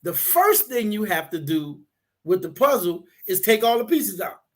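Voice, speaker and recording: A man in casual talk, animated, acting out the people he quotes as he tells stories. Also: high voice, normal speed. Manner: animated storyteller, acts out quotes.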